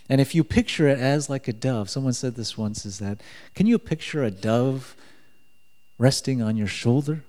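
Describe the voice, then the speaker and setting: A man's voice: medium pitch, a little slow, pauses often, mellow. Male preacher, mid-range voice, chatty sermon with light jokes. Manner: conversational, joking, with chuckles.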